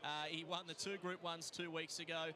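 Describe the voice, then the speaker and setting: A man's voice: on the high side, flat delivery, brisk, crowd noise. A man giving enthusiastic race commentary with emphatic delivery. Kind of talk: sports commentary.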